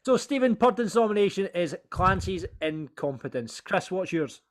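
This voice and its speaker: A man's voice: high-pitched, big pitch swings, normal speed. A Scottish man hosting a football podcast, steering the segments and reading out listener picks. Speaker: podcast host. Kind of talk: casual football chat.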